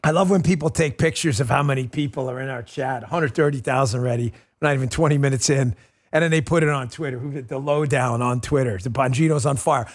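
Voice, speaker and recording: A middle-aged man hosting a political talk show, ranting in a mocking, animated way and slipping into sarcastic impressions. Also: medium pitch, quick pace. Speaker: show host.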